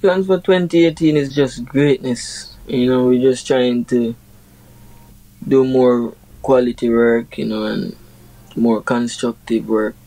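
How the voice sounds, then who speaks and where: Laid-back Jamaican man, dark dry voice. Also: mid-range voice, fairly even intonation, takes it slowly, dry recording, rough recording. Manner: explains with proverbs, frequent "you know". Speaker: reggae artist, guest. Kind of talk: casual interview talk.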